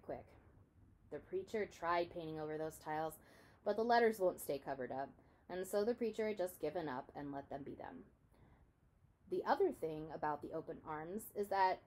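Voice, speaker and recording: A woman reading a children's novel aloud in an expressive storytelling manner. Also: lowish voice. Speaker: reader.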